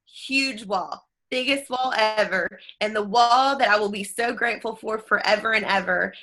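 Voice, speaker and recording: A woman in her thirties giving an earnest, energetic motivational talk, full of faith and speaking straight to her listeners. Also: fairly high pitch. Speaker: network marketing team leader.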